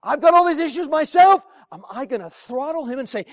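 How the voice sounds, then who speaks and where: A man preaching a sermon, swinging from hushed near-whispers to emphatic shouting and repeating phrases for effect. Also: very high voice, lively intonation, fairly quick.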